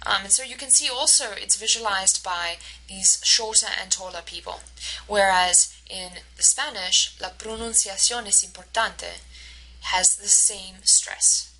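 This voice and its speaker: A woman instructor giving a recorded lecture over slides, explaining patiently and slowing down to model the stressed words. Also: mid-range voice, bright, forceful tone, low-quality recording. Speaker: university instructor.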